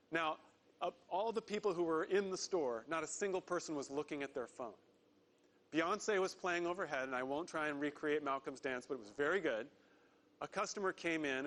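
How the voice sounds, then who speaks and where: A man giving a prepared corporate investor presentation, earnest, slowing down to stress key words. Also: a little high, a bit bright. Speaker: company executive presenter.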